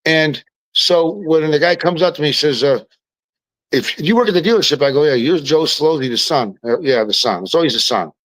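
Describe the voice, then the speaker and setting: A man, a podcast guest telling stories in casual chat, animated and often restarting his words. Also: a little high, fairly quick, no room sound, poor audio.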